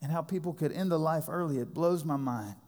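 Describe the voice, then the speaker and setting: A man in his thirties preaching a sermon as pastor, impassioned, swinging between loud emphasis and quiet intensity. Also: a little high, fairly quick. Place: church sanctuary. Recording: long hall reverb.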